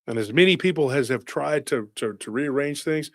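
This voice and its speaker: A man hosting a casual podcast, talking in an excitable, rambling way and firing off rhetorical questions. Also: fairly high pitch, normal speed, dry recording. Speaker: host.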